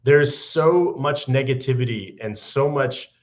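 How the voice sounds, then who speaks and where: A man's voice: mid-range voice, measured pace. A man giving an earnest, rousing motivational speech to his team on a business call. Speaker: company leader on a business call. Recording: dull archived call audio.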